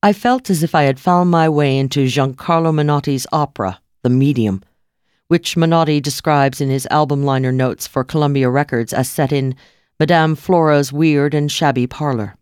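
A woman's voice: low voice, moderate pace, a little mellow, clear, resonant tone, dry recording. Woman narrating dryly and wryly. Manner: dry, wry first-person telling. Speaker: audiobook narrator. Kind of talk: scripted narration.

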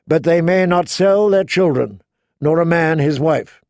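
A woman's voice: deep voice, unhurried, a little mellow, dry recording, studio quality, voice pushed up. A man voicing a stern, proud young queen with a firm, commanding delivery.

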